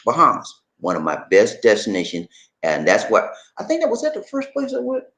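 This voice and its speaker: A man giving casual travel tips to the camera as a vlogger. He is chatty and animated, calls the viewer "man" and "baby", and repeats his points. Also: fairly low pitch, fairly quick.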